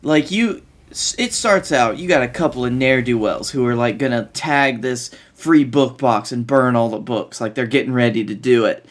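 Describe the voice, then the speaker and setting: A man co-hosting a podcast, pitching ideas and teasing his co-hosts in wry, casual banter. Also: normal speed. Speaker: podcast co-host.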